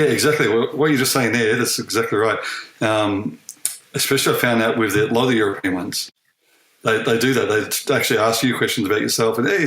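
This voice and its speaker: Male podcast host, low voice, agreeable and affirming, roomy echo. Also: a bit bright. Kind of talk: casual interview chat.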